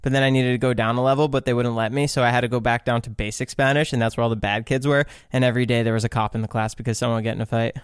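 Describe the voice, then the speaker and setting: A young man co-hosting a casual podcast, teasing and joking, telling quick stories. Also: mid-range voice, steady tone, clean tone, no room sound, studio quality. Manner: teasing, jokey, quick storytelling. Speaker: podcast co-host. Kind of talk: casual chat.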